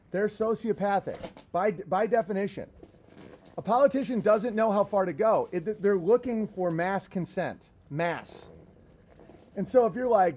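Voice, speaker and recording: Loud, high-voiced ranting man. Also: lively intonation, normal speed, a little hiss or hum. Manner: loud, profane, emphatic ranting. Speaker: host. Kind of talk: ranting livestream talk. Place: outdoors in his garden.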